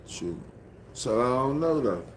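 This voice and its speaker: Sleepy memphis guy on a phone livestream, slow lazy drawl, mumbles and repeats himself, faint hiss behind. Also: mid-range voice, big pitch swings. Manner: laid-back, repetitive, mumbled drawl. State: sleepy, just woke up. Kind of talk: casual livestream chat.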